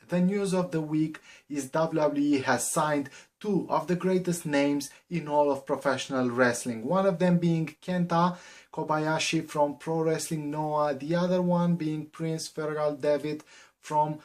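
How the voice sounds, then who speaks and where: A man hosting a wrestling show, delivering an upbeat intro and the week's news in a list-like way. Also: on the high side. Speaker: show host.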